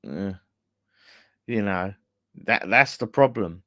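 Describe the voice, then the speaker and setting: A man's voice: on the low side, takes it slowly, pushed and bright, no echo, studio quality. A man hosting a casual fan live stream, ranting bluntly with swearing and laughter. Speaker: fan channel host.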